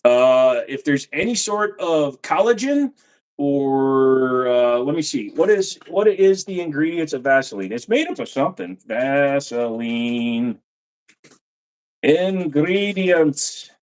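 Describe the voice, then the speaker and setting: A man's voice: a little high, very animated, a little slow, a little mellow. A man hosting a casual livestream from his computer at home, answering chat questions and playfully slipping into silly accents.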